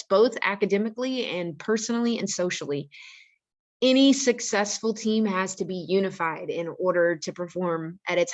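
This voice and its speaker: A woman on the staff of a school, talking earnestly and practically to parents and giving them advice on handling angry teenagers. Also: lowish voice. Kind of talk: informal parent-education talk.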